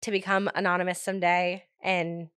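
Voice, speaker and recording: Chatty woman guest, soft trailing talk. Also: fairly low pitch, little pitch movement, fairly quick, clean tone, no room sound, studio quality. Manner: chatty, lots of "like", trails off softly. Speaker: podcast guest. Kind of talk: casual chat.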